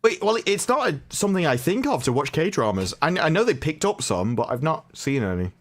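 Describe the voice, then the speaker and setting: Lively English man in casual chat. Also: fairly high pitch, brisk. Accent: English, casual received pronunciation. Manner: chatty, explains at length with frequent restarts. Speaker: co-host.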